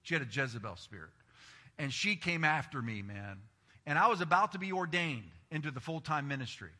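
A man's voice: a little high, expressive, brisk, pushed and bright. A middle-aged man preaching a sermon as pastor, telling stories animatedly and acting out the voices he quotes. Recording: long reverb of a large hall.

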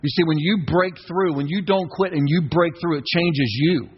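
Preaching at a moderate pace in a fairly high voice, a middle-aged male pastor leads his congregation in call-and-response, urging them to repeat his phrases. The sanctuary recording is dull and reverberant.

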